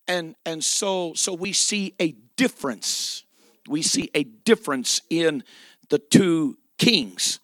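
A man preaching a sermon with emphatic delivery, dramatic pauses and repeated phrases. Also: a little high, expressive, a bit bright, no echo, clean studio sound.

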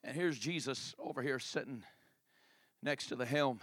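A male preacher telling a story in a sermon, animated and colloquial. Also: medium pitch, normal speed, no echo, clean studio sound.

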